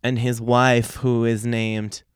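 A man's voice: mid-range voice, little pitch movement, slow, clean tone, no room sound, clean studio sound. A young man hosting a podcast, telling a brash, foul-mouthed comic story with laughter mixed in. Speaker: podcast host. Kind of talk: profane comedic monologue.

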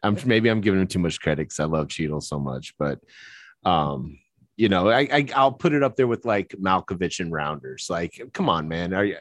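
A man with a very deep voice chats casually as a podcast co-host, his pitch leaping around animatedly. He laughs a lot and often restarts his sentences. The sound is dry and close, with no room echo. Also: animated, fairly quick. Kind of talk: casual chat about movies.

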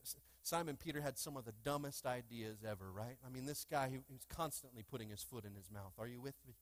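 A man preaching a lively sermon in a church, with call-and-response and playful asides to the congregation. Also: medium pitch, fast talker. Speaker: pastor. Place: church sanctuary.

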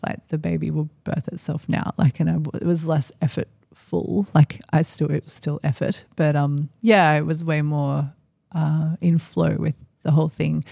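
A woman's voice: deep voice, creaky, warm tone, no echo, clean studio sound. A woman, a podcast guest, telling a personal story in a chatty, rambling way with lots of fillers. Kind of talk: casual storytelling.

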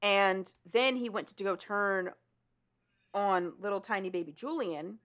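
A woman's voice: mid-range voice, unhurried, a bit bright. A woman co-hosting a casual podcast, rambling through a story recap full of "like" and restarts. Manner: rambling, filler-heavy retelling with "like". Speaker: podcast co-host. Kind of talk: casual chat retelling a story.

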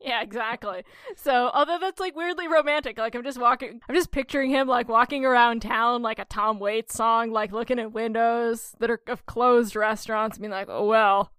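A woman co-hosting a podcast, telling stories in a lively, animated way and laughing often. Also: on the high side, normal speed, few pauses, clear, resonant tone, no room sound, studio quality. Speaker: podcast co-host. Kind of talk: casual chat.

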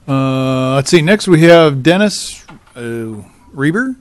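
A man's voice: mid-range voice, expressive, slow, smooth. A man running a committee hearing, calling speakers in a casual, apologetic, lightly joking way. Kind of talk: casual procedural remarks.

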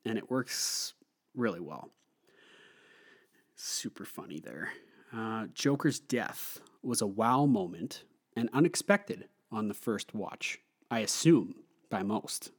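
A man's voice: fairly low pitch, lively intonation, slow, slightly rough. A young man casually talking through a film review, chatty with frequent fillers and laughter. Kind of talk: casual movie review monologue.

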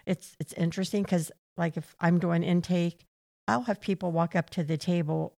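A woman's voice: lowish voice, fairly even intonation, normal speed, vocal fry. A woman guest in an interview, telling stories about her clinic work and acting out the conversations she has. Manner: warm storytelling, acts out conversations. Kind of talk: casual interview chat.

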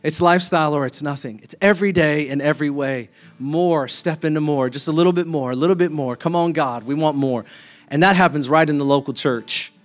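A pastor preaching a sermon with emphatic, repeated declarations. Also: male voice, fairly high pitch, brisk.

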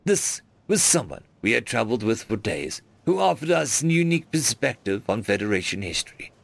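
A man reading a first-person science fiction story aloud in an earnest, expressive storytelling manner. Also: mid-range voice, fairly quick, vocal fry, no room sound. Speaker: narrator. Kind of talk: first-person audiobook narration.

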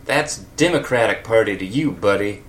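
A man voicing a cocky, heroic male cartoon hedgehog who shouts his lines. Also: on the low side, lively intonation, moderate pace, a little hiss or hum. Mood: brash.

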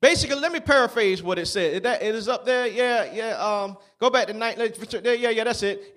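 A man preaching a sermon, calling on the congregation to answer and building up to shouts. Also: extremely high pitch, normal speed, hardly any pauses. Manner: call-and-response preaching, rising to shouts.

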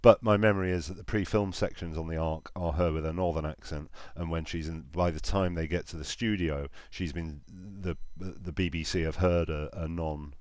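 A man with a very low voice, co-hosting a laid-back chat. He is dry and wry and sometimes stumbles over his first words. The sound is close and dry. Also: steady tone, moderate pace, few pauses, a little mellow, no room sound. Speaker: podcast co-host. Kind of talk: casual chat.

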